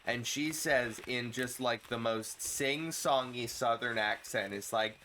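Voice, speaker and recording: A man's voice: mid-range voice, unhurried, bright, forceful tone, a little hiss or hum. A man streaming a survival game, chatting casually and telling jokey stories. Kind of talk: casual gameplay chat.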